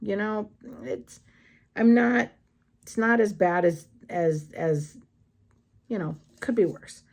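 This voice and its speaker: A woman's voice: medium pitch, slow, long pauses, darkish tone. A woman vlogger telling candid, blunt stories in a casual chat while she does crafts.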